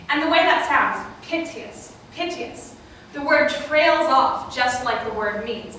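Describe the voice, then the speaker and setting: Young woman, workshop presenter, chatty with fillers, bright voice, echoey room, far from the mic. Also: high-pitched, a little hiss or hum. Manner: chatty, lively, with frequent fillers and asides to the audience. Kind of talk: live classroom presentation. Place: classroom or small auditorium with an audience.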